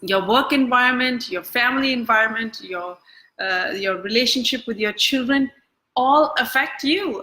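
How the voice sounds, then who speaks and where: A woman's voice: fairly high pitch, sharp tone, poor audio. A woman working as an energy-tapping coach, teaching in a casual, conversational way full of fillers and restarts. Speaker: EFT coach. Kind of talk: casual talk-to-camera teaching. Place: Bangkok.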